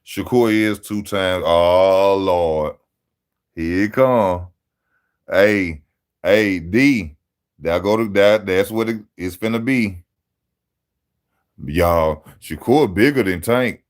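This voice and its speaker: A man talking casually on a live stream, animated and slangy, laughing often as he answers chat about boxing. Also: deep voice, very slow, pauses often, clean tone. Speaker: boxing channel host reading live chat.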